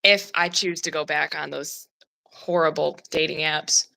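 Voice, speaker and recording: A woman with an Upper Midwest accent, a guest in a casual chat, telling stories with an animated, laughing manner. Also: deep voice, a little slow, creaky, rough recording. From North Midwest of the USA.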